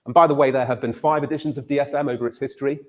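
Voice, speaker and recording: A man's voice: medium pitch, very fast. Man lecturing, telling a story. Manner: animated storyteller, repeats words when starting a phrase. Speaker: university lecturer.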